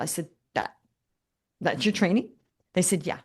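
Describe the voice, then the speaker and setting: Lively older woman with a low voice. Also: moderate pace, husky. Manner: animated, acts out dialogue with quoted voices, humorous. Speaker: guest business coach. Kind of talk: conversational storytelling interview.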